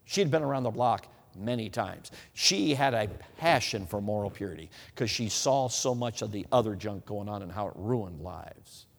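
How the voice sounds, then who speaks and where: A man's voice: lowish voice, animated, moderate pace, vocal fry, few pauses. A man from the United States preaching a sermon, emphatic and repetitive, often calling his listeners friends. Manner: emphatic, repeats points, addresses the crowd as friends. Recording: long hall reverb.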